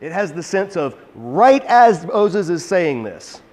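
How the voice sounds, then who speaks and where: A man teaching through a Bible passage in an energetic, emphatic, conversational way. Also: high voice, slow pace. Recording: long hall reverb.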